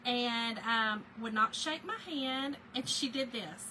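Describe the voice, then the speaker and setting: A woman with a Southern US accent, hosting a craft livestream and telling a story in a chatty, animated way while she works, often laughing and talking to her viewers. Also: fairly high pitch, slow, background noise.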